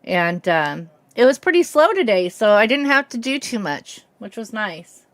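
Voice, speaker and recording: A woman's voice: on the high side, sing-song, normal speed, no room sound. Chatty fifties woman with a faint Southern twang. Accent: slight Southern American. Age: 50s. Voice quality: hard of hearing. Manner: chatty, rambling, laughs easily, greets viewers by name. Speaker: livestream host. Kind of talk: casual chat with viewers while streaming a game.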